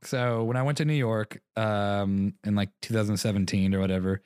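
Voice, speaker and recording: With a lowish, slightly mellow voice that's clear and resonant, a young podcast co-host speaks at a moderate pace and with fairly even intonation. In a casual chat, he rambles through his stories, acts out both speakers and laughs a lot, all recorded dry at studio quality.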